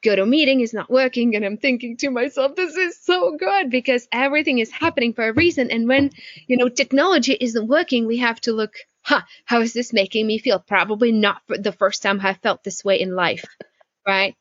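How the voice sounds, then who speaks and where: Woman, business coach, higher voice, animated storytelling, rhetorical questions, dry and muffled video-call sound. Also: fairly quick, no echo. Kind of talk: casual talk on a video call. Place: home porch.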